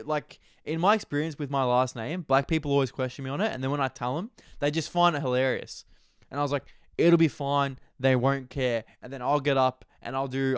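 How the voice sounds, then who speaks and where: A young man, a stand-up comedian, tells a meandering backstage story, cursing freely and piling on fillers. His voice is smooth and clear, at a middling pitch. The sound is dry and close. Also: no echo. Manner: swearing, rambling, filler-heavy storytelling. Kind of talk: casual storytelling chat.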